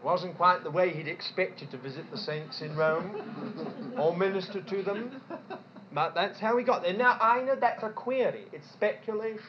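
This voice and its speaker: A woman preaching a sermon in an animated way, asking rhetorical questions and repeating points for emphasis. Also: fairly low pitch, normal speed, a little hiss or hum. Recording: dull lo-fi recording.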